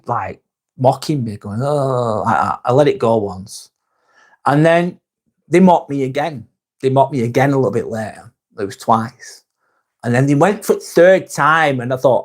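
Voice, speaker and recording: A man's voice: medium pitch, a little mellow, slightly rough. A man in his forties hosting a live vlog, chatting casually and candidly, rambling and swearing a lot. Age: 40s. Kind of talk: casual live-stream chat.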